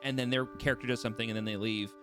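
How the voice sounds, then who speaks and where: A man's voice: mid-range voice, fairly even intonation, racing. A young man running a tabletop game, talking animatedly and laughing at himself as he rambles with restarts. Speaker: game master. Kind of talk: casual table talk between sessions. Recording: music bed playing behind voice.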